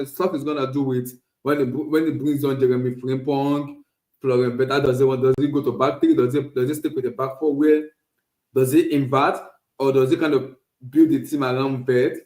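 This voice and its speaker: A man hosting a casual solo football talk stream, animated and repetitive, often restarting phrases. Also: medium pitch, fairly quick, roomy sound, rough recording. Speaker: podcast host. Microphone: streaming setup.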